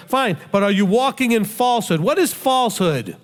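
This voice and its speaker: A man's voice: high voice, expressive, fast talker, hardly any pauses. A male rabbi giving a conversational sermon, emphatic and full of rhetorical questions he answers himself. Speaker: rabbi teacher. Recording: long hall reverb.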